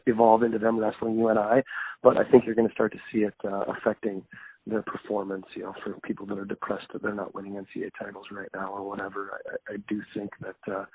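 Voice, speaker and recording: A man's voice: fairly low pitch, slightly rough, no room sound. A man from North Dakota talking casually as a podcast guest, rambling with many restarts. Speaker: guest wrestling analyst. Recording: phone-like, dry sound.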